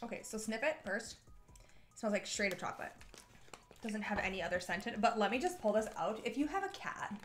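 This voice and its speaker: A woman's voice: medium pitch, expressive, brisk, soft background music. A young woman co-hosting a casual snack-tasting vlog, playful and joking. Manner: playful, joking, sensory comments. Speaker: vlog co-host.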